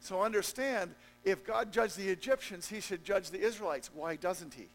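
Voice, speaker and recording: A man preaching a sermon as pastor, joking with the congregation and swinging between loud emphatic peaks and low, quiet stretches. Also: moderate pace, rough recording. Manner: jokey, conversational asides to the congregation.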